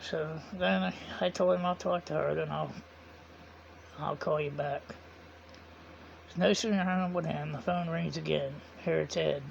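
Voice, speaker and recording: A man with a strongly gravelly, rough voice that sits a little high for a man. He tells a story casually and rambles, retelling each conversation line by line with "I said" and "he said". The sound is dull and lo-fi. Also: fairly even intonation, moderate pace, hardly any pauses, a little hiss or hum. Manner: rambling, repeats quoted dialogue with "I said" and "he said". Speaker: vlogger.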